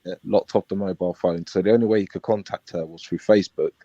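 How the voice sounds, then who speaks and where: Speaking fast with fairly even intonation, this man has a low, mellow voice and no room sound. He's a guest on a live panel stream, rambling through a story in street slang and acting out what people said. The stream audio is dull and lo-fi.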